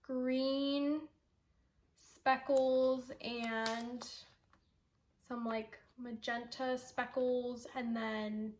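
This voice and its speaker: A woman's voice: fairly high pitch, little pitch movement, extremely slow, distant mic. A young woman hosting a knitting podcast from home, chatting casually and gushing, with lots of fillers. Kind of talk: casual chat to camera. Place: at home with her dog. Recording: echoey room, voice off-mic.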